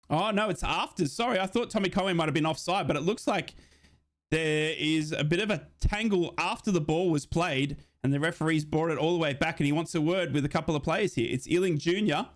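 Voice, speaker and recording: Excitable man commentating a live match. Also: moderate pace. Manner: excitable, voice jumps high in big moments; chatty, reads out and answers viewer comments. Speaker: football fan commentator and streamer.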